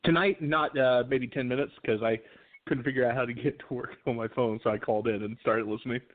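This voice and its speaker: A man's voice: mid-range voice, fairly even intonation, fairly quick. A man calling in as a guest filmmaker, chatting casually and poking fun at himself. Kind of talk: casual call-in chat. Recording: tinny phone line.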